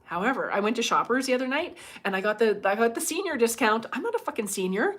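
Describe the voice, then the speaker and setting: A middle-aged Canadian woman who works as a medium chats freely on her own livestream, acting out what others said and laughing often. Her high-leaning voice is sing-song, quick and a bit bright.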